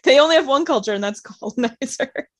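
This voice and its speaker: A woman's voice: high-pitched, expressive, fairly quick. A woman co-hosting a podcast, telling stories in a chatty, giggly way. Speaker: podcast co-host. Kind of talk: casual chat.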